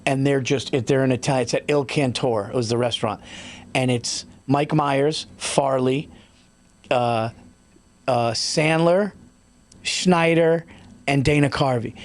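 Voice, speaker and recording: A middle-aged man hosting a podcast in casual chat, an animated storyteller who keeps jumping into high-pitched impressions. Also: unhurried. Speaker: podcast host.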